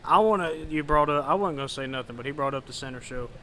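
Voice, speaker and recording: A man chiming in on a casual podcast with a candid, chatty delivery. His voice is at a middle pitch, and a faint noise hangs in the background. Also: fast talker, fairly bright tone. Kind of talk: casual chat.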